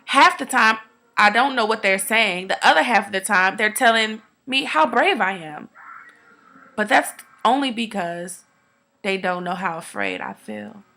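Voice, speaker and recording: Woman doing a slow dramatic monologue, bit of vocal fry, earnest and quiet. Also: mid-range voice, lively intonation. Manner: earnest first-person storytelling, quiet and measured.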